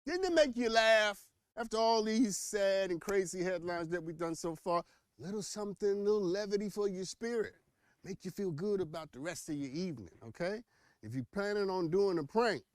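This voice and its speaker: A man hosting an opinionated news commentary show, teasing and animated, full of rhetorical questions and playful asides. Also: on the high side, dry recording, studio quality.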